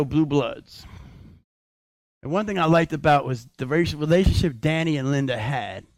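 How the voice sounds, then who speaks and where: A male pastor preaching a sermon, shouting at his peaks, then dropping into low conversational asides and acting out quoted voices. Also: no echo, studio quality. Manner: acts out quoted voices of God and of complaining believers.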